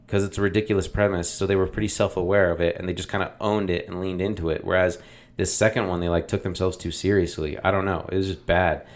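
A man hosting a casual movie review, talking in a rambling, opinionated way with lots of fillers. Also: on the low side. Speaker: podcast host reviewing films.

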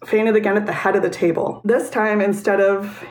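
A woman's voice: medium pitch, moderate pace. A young woman from Wisconsin, a podcast caller telling a story in casual talk, laughing now and then. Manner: lively, laughs while telling her story.

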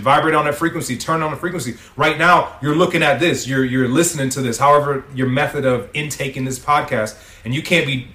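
A man's voice: on the high side, a bit bright. Preachy motivational podcast man, roomy sound. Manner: preachy, coaching, swears freely. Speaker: podcast host. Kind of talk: motivational monologue.

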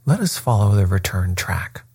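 A man voicing a confident, precise male detective in a storybook reading, calm and quietly commanding. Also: deep voice, moderate pace, husky, dry recording, full character voice.

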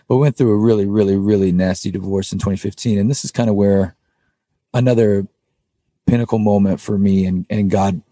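Man, podcast guest, very dark husky voice, earnest and rambling. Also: on the low side, no echo. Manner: earnest, rambling, frequent restarts. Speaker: podcast guest, band vocalist. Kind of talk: candid personal storytelling.

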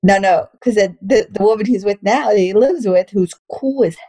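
A woman comedian from Texas in a loose, casual chat, candid and quick to swear. Her voice sits at a middling pitch, and she chuckles through her anecdotes. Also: warm tone, breathy edge. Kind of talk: casual podcast chat, storytelling.

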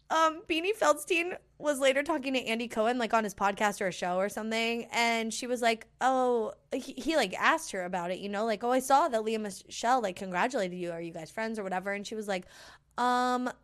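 A woman's voice: on the high side, a little fast, fairly bright tone. A woman rattling off gossip in a loose, casual chat. She pads almost every phrase with "like" and "um" and often restarts her sentences. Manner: chatty, many fillers like "like".

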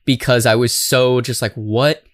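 A man from Tucson co-hosting a podcast, telling a family story in a lively, animated way. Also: medium pitch, normal speed, dry recording, clean studio sound. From Tucson, Arizona. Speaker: podcast co-host. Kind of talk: casual storytelling chat.

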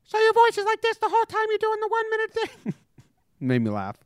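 A man's voice: extremely high pitch, wildly swooping pitch, a little fast, no room sound, studio quality. A man hosting a casual podcast, joking loosely and chatting through a sports update. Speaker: podcast host.

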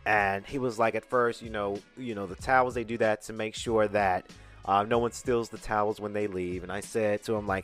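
A man's voice: lowish voice, normal speed, soft background music. A man from Atlanta hosting a podcast, telling a story in a casual, emphatic way and acting out the dialogue. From Atlanta, USA. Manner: animated, emphatic retelling with quoted dialogue. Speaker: podcast host.

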